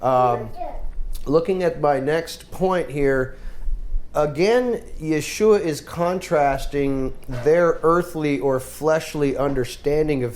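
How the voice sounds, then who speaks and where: A man's voice: mid-range voice, darkish tone, a little hiss or hum. A man leading a group Bible study discussion, talking in a thoughtful, conversational way with fillers and restarts.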